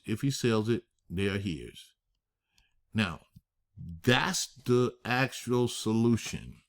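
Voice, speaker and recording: A man teaching a masterclass on structuring deals, emphatic, asking rhetorical questions and slowing down to stress key phrases. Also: medium pitch. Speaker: real estate finance instructor.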